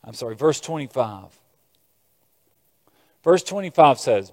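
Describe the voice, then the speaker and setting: An American man preaching a sermon as a pastor, moving between quiet scripture reading and loud, emphatic exhortation. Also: a little high, lively intonation, unhurried. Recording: long reverb of a large hall.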